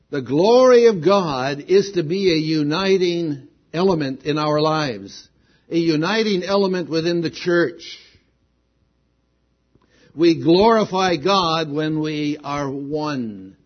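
A man preaching a sermon, slow and deliberate, rising to excitement on his key points. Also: a little high. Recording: dull lo-fi recording.

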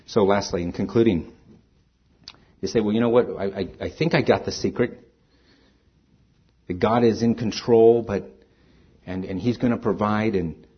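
A man preaching as pastor, earnest, swinging from emphatic stresses to quiet, soft lines. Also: medium pitch, slightly rough. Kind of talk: sermon. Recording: dull lo-fi sermon recording.

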